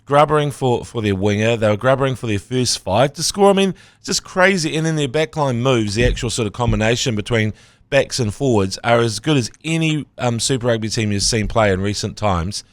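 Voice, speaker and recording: A man's voice: mid-range voice, animated, brisk, no echo. A man co-hosting a sports podcast, chatting casually and animatedly, slipping into jokey mock voices. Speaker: podcast co-host. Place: studio.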